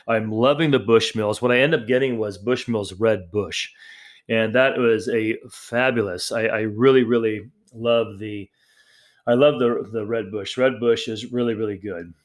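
A man hosting a podcast on his own, talking in a rambling, chatty way with lots of fillers and restarts. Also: lowish voice. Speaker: podcast host. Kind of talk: casual solo podcast talk.

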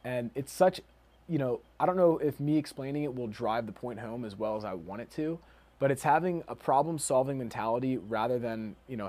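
An energetic young man talks to his viewers in a casual, motivational way. He speaks in quick bursts, leans on fillers, and keeps his pitch right in the middle of the range.

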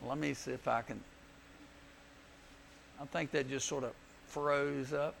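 A man preaching a youth sermon, telling Bible stories in an animated way and acting out the voices. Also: mid-range voice, unhurried, vocal fry, slight background noise. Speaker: youth speaker.

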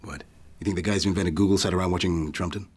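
A man's voice: sits low, fairly even intonation, fast, husky. An actor playing a crude, swaggering middle-aged male boss in a sitcom, swearing bluntly with a put-on transatlantic twang. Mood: brash. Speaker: sitcom character.

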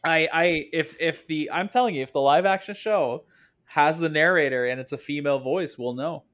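A man's voice: fairly high pitch, moderate pace, fairly bright tone. A man co-hosting a casual podcast chat, enthusiastic and often correcting himself mid-sentence. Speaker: podcast co-host.

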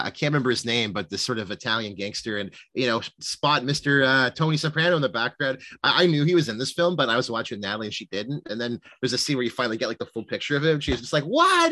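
Fast-talking bright-voiced podcast man. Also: mid-range voice, no room sound. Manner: rambling, lots of fillers and retold movie lines. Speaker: podcast co-host. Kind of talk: casual film discussion.

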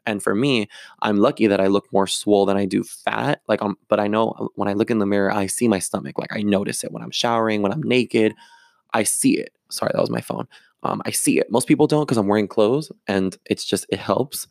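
Young man, low gravelly voice, dry close sound, confessional vlogger, rambling and open. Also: fairly quick, no room sound. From Florida. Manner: candid, rambling, with many fillers and restarts. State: close to tears at moments. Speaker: actor and vlogger. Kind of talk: confessional vlog monologue.

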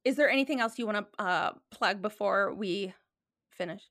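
A woman hosting a podcast in casual chat, playful and quick to laugh, recorded remotely from home. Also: medium pitch, a bit bright, no room sound, studio quality. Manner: laughs often, chatty and playful. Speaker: podcast host.

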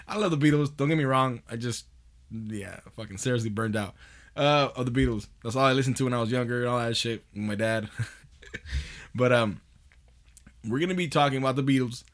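A man's voice: mid-range voice, a little fast. A man hosting a podcast in a loose, profane monologue, laughing often as he talks. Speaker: podcast host.

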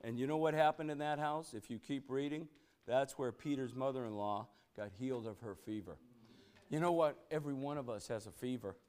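A man's voice: mid-range voice, brisk, darkish tone, clear, resonant tone. A man leading an interactive Bible study, preaching emphatically and firing rhetorical questions at his listeners. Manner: emphatic, keeps asking "you know what?", exclamatory bursts. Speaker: church meeting leader.

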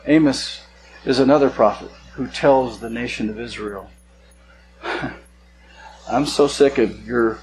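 A male pastor giving a sermon in a relaxed, conversational way, with casual asides, slowing down to stress key words. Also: mid-range voice, a little hiss or hum, poor audio.

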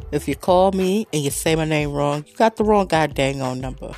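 Low-voiced woman ranting to her audience. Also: a little fast, hardly any pauses, soft background music. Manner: animated, sarcastic, swears freely. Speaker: podcast host. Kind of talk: casual storytelling rant. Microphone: desk microphone.

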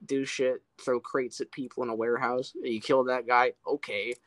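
A young man in casual podcast chat, animated and loose, with plenty of "like" and cursing. His voice sits at a middle pitch. The recording is dry and close, with no room sound. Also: normal speed, no echo, low-quality recording. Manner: animated, swears freely, lots of "like". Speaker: podcast co-host.

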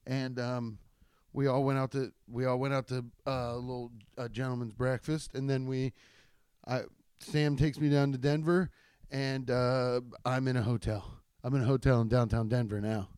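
A male stand-up comic talks loosely and profanely, circling back on his sentences as he tells road stories. His voice sits at a middling pitch. It is recorded dry and close, with no room sound. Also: level tone, normal speed, darkish tone, smooth, no echo. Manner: rambling, profane, with frequent restarts and laughs. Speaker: stand-up comedian. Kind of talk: casual storytelling podcast.

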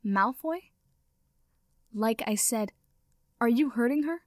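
A flustered young wizard, jumpy and earnest, who protests in startled bursts, as a woman reader puts him on. The voice sits fairly high and sounds dry and close. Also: lively intonation, takes it slowly, no echo.

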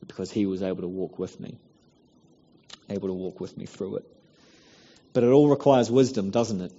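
A male pastor delivers a heartfelt sermon in a low, warm voice. He pleads with his listeners and rises to loud urging. The recording is muffled, with a long hall reverb around him. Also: husky. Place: church hall.

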